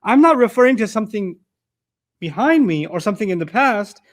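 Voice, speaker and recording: A man teaching a Quran commentary lecture, talking conversationally with everyday examples and quick Arabic recitations. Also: high voice, very animated. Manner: conversational, explains with everyday examples and repeated restarts. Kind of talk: tafsir lecture.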